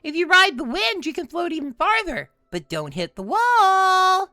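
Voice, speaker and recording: A man voicing a chatty talking signboard in a video game, giving brisk instructions in a tough-guy manner. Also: extremely high pitch, sing-song, sharp tone, no echo, studio quality, voice pushed up, full character voice. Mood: instructive.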